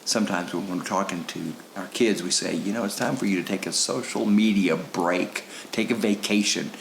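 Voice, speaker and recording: A man preaches a sermon in a low, gravelly voice. He keeps it conversational and leans on rhetorical questions. The sound is echoey, with faint room ambience behind him. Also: normal speed, slight background noise. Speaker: pastor. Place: church sanctuary.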